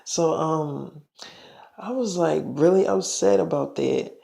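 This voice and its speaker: A man tells a story in a rambling, profane way, leaning on fillers like um and like. His voice is gravelly, with plenty of vocal fry, and sits a bit higher than most men's. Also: slow pace, dark tone. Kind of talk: casual storytelling.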